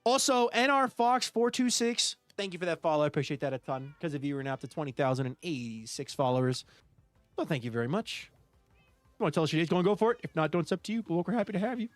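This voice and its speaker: A high, lively male streamer chatting his way through a building game, his voice rising and falling as he greets and thanks viewers one after another. Faint music runs in the background throughout. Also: quick pace, dry recording. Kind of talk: live gameplay stream chat.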